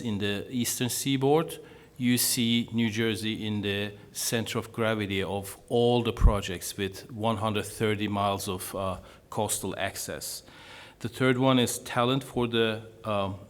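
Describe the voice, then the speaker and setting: A middle-aged man with a Turkish and Norwegian accent speaks in a lowish register. He presents to a conference panel over a microphone, halting often with fillers. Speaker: panelist presenting on offshore wind. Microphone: handheld or table microphone.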